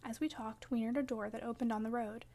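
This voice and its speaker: A woman narrating a classic novel as an audiobook, in a measured, steady storytelling manner. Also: on the high side. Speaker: audiobook reader.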